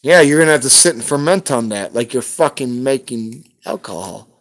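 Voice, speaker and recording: A man's voice: medium pitch, expressive, moderate pace. A man on a live stream, ranting heatedly at someone and cursing constantly in a confrontational way. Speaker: livestreamer hunting for rare banknotes.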